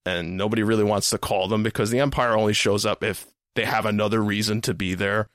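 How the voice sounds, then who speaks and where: A man's voice: fairly low pitch, steady tone, quick pace, a bit bright, clean tone, dry recording, clean studio sound. A man hosting a podcast, telling a story in a rambling, casual way, repeating words and swearing now and then. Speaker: podcast host.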